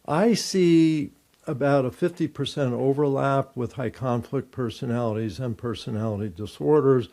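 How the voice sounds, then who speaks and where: An older man, a therapist and author, giving measured, explanatory answers in an interview, thinking aloud as he goes. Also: mid-range voice, vocal fry, warm tone.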